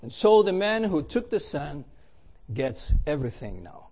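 A man's voice: a little high, very animated, a little slow, darkish tone, husky, heavily acted. A man acting out an insistent auctioneer as he calls out bids in a sermon story. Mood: solemn. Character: stern older male auctioneer, persistent.

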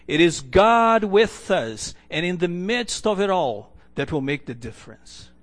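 A male pastor preaching a sermon in a church, earnest, repeating key phrases for emphasis and letting the ends of lines fall to a hush. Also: high-pitched, sing-song, unhurried.

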